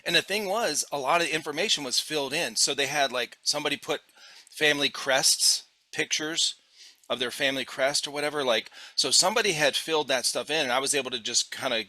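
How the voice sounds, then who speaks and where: A man's voice: a little high, brisk, no room sound. A man from the United States chatting casually as a podcast host, saying "dude" and "like" and often trailing off. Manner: relaxed, uses dude and like, trailing off. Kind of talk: casual chat.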